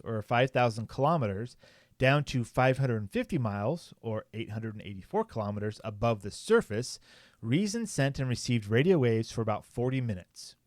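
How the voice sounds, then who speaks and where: A man's voice: mid-range voice, dry recording, clean studio sound. A man co-hosting a podcast, casually reading a news article aloud, with frequent fillers and joking asides. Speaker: podcast co-host.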